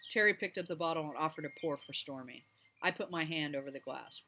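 Male audiobook reader, higher voice, bright and forceful, lively delivery. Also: fast, slight background noise. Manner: lively, voices each character. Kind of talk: reading a novel aloud.

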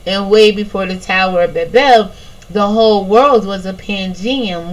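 Slow, deliberate woman teaching the Bible. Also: medium pitch, rough recording. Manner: slow and deliberate, drawing out lists of names. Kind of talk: casual Bible teaching, reading scripture aloud.

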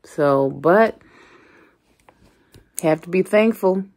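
A woman talking casually to her viewers in a vlog, hoarse from a cold, her weak voice sometimes dropping toward a whisper, chatty and thankful. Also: fairly low pitch, expressive, drawn-out words, darkish tone, dry recording. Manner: chatty, thankful, self-correcting. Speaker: vlogger. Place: parked car.

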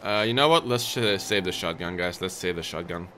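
A man's voice: low voice, brisk, sharp tone, a little hiss or hum. A man giving casual gameplay commentary, chatting to his viewers and yelping when startled. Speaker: let's play host. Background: game music and sounds.

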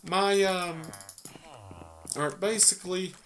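A gaming YouTuber with a high, slightly bright voice talks slowly and fairly evenly, rambling casually as he plays and thinks aloud with lots of fillers. His noisy mic picks up keyboard clicks and typing in the background.

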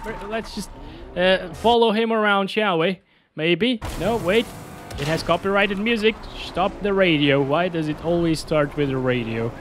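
A man giving excitable gameplay commentary, laughing and yelping as he plays. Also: high-pitched, a little slow, faint music behind. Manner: excitable, yelps and laughs at in-game moments. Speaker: gaming YouTuber. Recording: faint game gunfire behind. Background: game gunfire and explosions.

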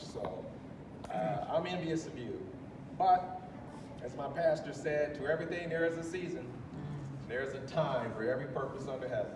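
A retiring chief master sergeant in his fifties gives an emotional farewell speech, warmly thanking friends and colleagues and laughing often. His mid-range voice is expressive and moderately paced. He's captured from far off in a large, echoey ceremony hall on a military base, with crowd noise and an audience murmuring and laughing.

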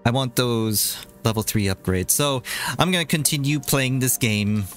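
A man giving let's play commentary on a survival game, swearing often and jumping to high shouts in frustration. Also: moderate pace. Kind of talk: gameplay commentary. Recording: faint game music behind voice.

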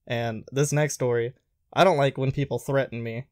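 This is a young male podcast host with a mid-range voice at a normal pace, heard in clean studio sound without echo. In a casual chat, he relives restaurant work stories with animation, performing the quoted dialogue.

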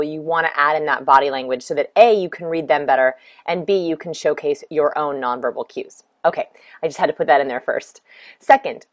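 A woman's voice: sits low, dry recording. A middle-aged woman instructor talking through a recorded lesson, friendly and explanatory, listing tips one by one. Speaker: course instructor.

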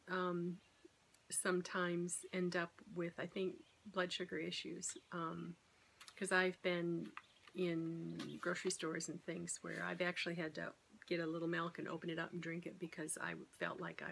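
A woman's voice: lowish voice, little pitch movement, normal speed, gravelly, a bit bright, a little hiss or hum. A middle-aged woman talking candidly and rambling in a casual vlog about her weight-loss surgery. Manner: rambling, candid, self-deprecating.

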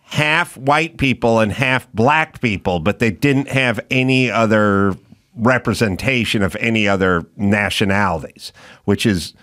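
A man's voice: lowish voice, measured pace, a bit bright. A man hosting a casual podcast chat, making dry remarks between short agreements. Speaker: podcast host.

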